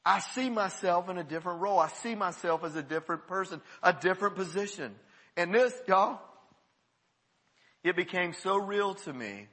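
High bright-voiced man preaching in a hall. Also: moderate pace, husky. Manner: conversational preaching, emphatic, breaks into quoted voices. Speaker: pastor. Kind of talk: sermon.

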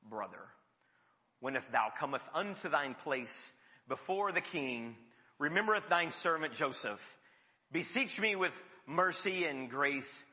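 A man's voice: fairly high pitch, lively intonation, a little slow, pushed and bright, in a large hall. A man voicing a pious man who speaks in stilted old-fashioned phrasing. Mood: pompous. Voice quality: stilted, sanctimonious.

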